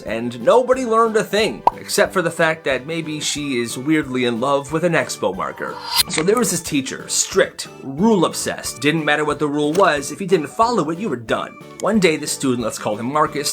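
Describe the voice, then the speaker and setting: A man's voice: a little high, a bit bright. A young man telling stories casually in a chatty, sarcastic way, mocking the people in them. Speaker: storyteller. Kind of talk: casual storytime narration. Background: faint music.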